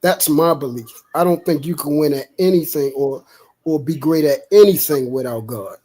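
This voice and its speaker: A man's voice: a little high, normal speed, warm tone, low-quality recording. A man hosting a stream who argues and preaches emphatically, acting out voices as he retells stories. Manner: emphatic, preachy, quotes God in a raised voice. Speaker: podcast host. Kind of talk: heated debate and preaching. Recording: live stream.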